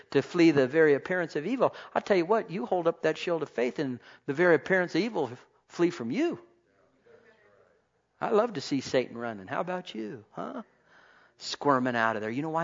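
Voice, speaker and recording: A man preaching a sermon to his congregation, swinging between loud exclamations and soft asides. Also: a little high, big pitch swings, moderate pace. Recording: dull lo-fi recording.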